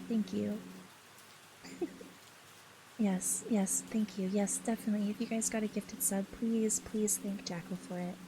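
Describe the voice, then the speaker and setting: A female streamer chats casually with viewers, reading their messages aloud in a soft, affectionate, giggly manner. Her pitch is medium, and there's background noise.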